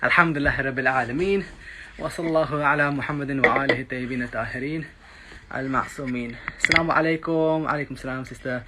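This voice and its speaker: A male podcast host chatting casually with a guest, teasing him and laughing easily. He sounds slightly out of breath. His voice sits at an ordinary middle pitch. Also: fairly even intonation, very fast, very noisy. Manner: chatty, jokey, laughs often.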